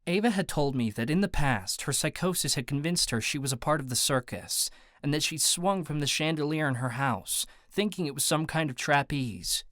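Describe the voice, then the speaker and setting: A man narrating a first-person audiobook in a steady, even storytelling manner. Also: a little high, normal speed, few pauses, no echo, studio quality. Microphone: close studio mic.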